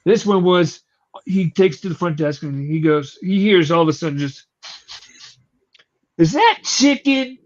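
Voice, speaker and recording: Man with a lively, raised voice telling a story. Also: on the high side, normal speed. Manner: animated storyteller, swears casually, many fillers. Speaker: podcast host. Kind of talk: casual chat, retelling a story. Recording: slightly muffled lo-fi recording.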